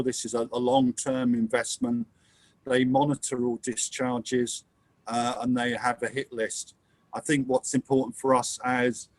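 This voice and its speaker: A man's voice: medium pitch, no echo. Hesitant man hosting a video call. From England. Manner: relaxed, hesitant, many fillers. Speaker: host of an online meeting. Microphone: computer mic on a video call.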